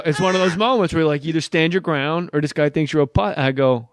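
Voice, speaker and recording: A man's voice: fairly high pitch, quick pace, background noise. A man hosting a podcast, telling a long story in a casual chat and slipping into funny voices. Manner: animated, slips into character voices mid-story. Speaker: podcast host.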